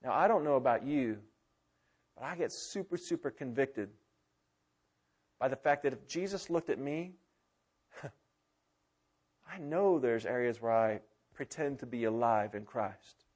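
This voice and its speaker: A man preaching a sermon in a church, swinging from loud urgency to hushed, intimate pleading. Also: medium pitch, a little slow, long pauses, slightly rough. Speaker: pastor. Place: church sanctuary with congregation.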